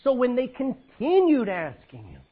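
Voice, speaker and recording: A man preaches a sermon in a high, husky voice. His pitch and volume swing widely, from loud calls down to hushed lines. The recording is muffled and lo-fi. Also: huge pitch swings, a little slow.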